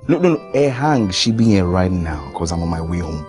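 A man's voice: low-pitched, big pitch swings, a little fast, darkish tone, faint music behind. A young man with a Nigerian accent playing an affectionate grown son. He teases and sweet-talks his parents on the phone and switches between English, pidgin and Yoruba. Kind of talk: film dialogue.

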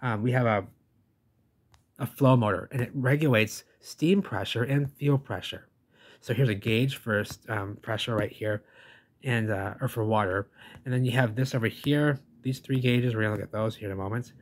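A man's voice: medium pitch, normal speed. A man giving casual, rambling reaction commentary on a video, enthusiastic and chatty, calling listeners "folks" and "baby".

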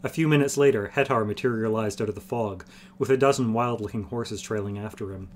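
A man reading a fantasy novel aloud on a stream, in a steady, measured storytelling voice. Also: on the low side, slight background noise. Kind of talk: audiobook-style narration.

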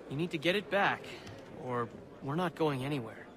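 A sly, sardonic imprisoned forger from a video game, lecturing with dry scorn and a slightly raised pitch. A prison crowd murmurs loudly behind the game audio. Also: male voice. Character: scheming middle-aged imprisoned male colonial forger. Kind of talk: video game cutscene acting.

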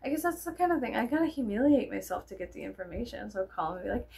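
A woman's voice: on the high side, animated, quick pace, vocal fry, hardly any pauses, darkish tone, breathy edge. A tired young woman rambling to her viewers in a casual vlog, swearing a lot and joking sarcastically. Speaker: vlogger. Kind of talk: casual chat to camera.

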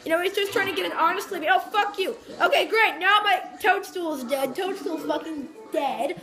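A woman giving foul-mouthed, mocking commentary over gameplay and breaking into yells. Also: very high voice, normal speed, hardly any pauses. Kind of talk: profane ranting game commentary. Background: game music.

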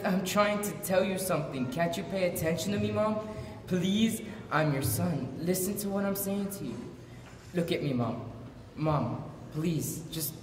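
A man's voice: on the high side, slight background noise, lightly acted. A male performer playing a desperate teenage son who pleads earnestly with his mother in a stage monologue. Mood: pleading. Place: school auditorium. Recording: echoey hall, mic far off.

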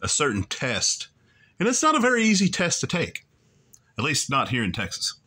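A man's voice: mid-range voice, huge pitch swings, moderate pace, sharp tone, breathy edge. A man hosting a commentary show, making wry, teasing asides over clips. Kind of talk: casual mocking commentary.

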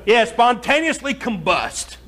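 A man's voice: very high voice, big pitch swings, a little slow, a bit bright. A pastor preaching a conversational, folksy sermon to his congregation, chatting with listeners and then building to emphatic, raised points.

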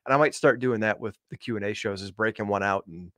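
Male co-host, rapid laid-back chatter, dry close sound. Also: on the low side, a bit bright, no room sound. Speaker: podcast co-host. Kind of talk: casual podcast chat.

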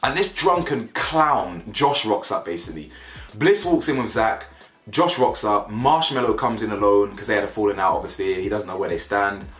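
A young man from the United Kingdom reviews a reality show, offering blunt, opinionated commentary in a British accent laced with urban slang. His voice sits fairly low and moves at a normal speed, and he's animated, laughing at his own jokes. The recording has a roomy echo with faint music in the background.

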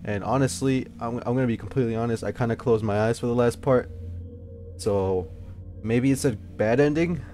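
Young male gamer, jumpy horror playthrough commentary, mid-pitched voice, faint music underneath. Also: normal speed, warm tone. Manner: jittery, swears, yelps and talks to himself when scared. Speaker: gameplay youtuber.

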